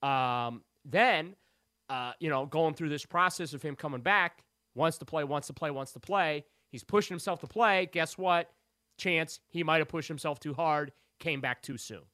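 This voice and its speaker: A man's voice: fairly high pitch, sharp tone, no room sound, studio quality. A man on a sports radio show as the beat reporter guest, talking in rambling, emphatic runs full of restarts.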